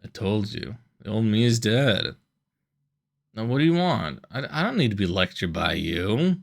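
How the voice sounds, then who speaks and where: A man's voice: fairly low pitch, big pitch swings, normal speed, gravelly, full character voice. A man reading aloud as a bitter, weary pirate captain in a game, curt and defensive.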